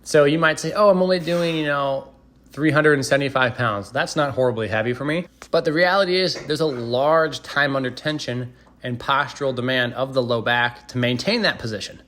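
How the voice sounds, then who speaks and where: A man giving a calm, steady voice-over of his training, explaining each exercise and urging care. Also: mid-range voice, brisk. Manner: steady, explanatory, cautious coaching tone. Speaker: fitness vlogger. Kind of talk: voice-over workout breakdown.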